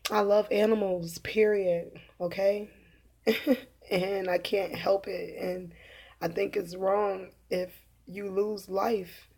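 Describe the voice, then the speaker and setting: A woman who talks in a rambling, earnest way, laughing often and filling pauses, as she tells viewers of her religious video channel about her day. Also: mid-range voice, dark tone. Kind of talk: casual spoken testimony to camera.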